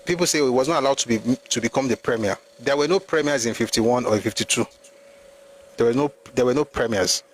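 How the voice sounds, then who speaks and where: Man, Nigerian accent, host of a live history talk, argumentative, rhetorical questions, mid pitch. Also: a little fast, a little hiss or hum, low-quality recording.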